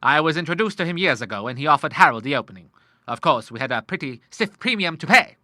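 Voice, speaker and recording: A bluff old naval admiral, hearty and courteous, peppering his talk with sea phrases, as a male audiobook reader plays him. His voice is bright and lively, a touch higher than plain speech. It is recorded close and dry. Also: fast, dry recording, exaggerated voice. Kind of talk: audiobook character voice.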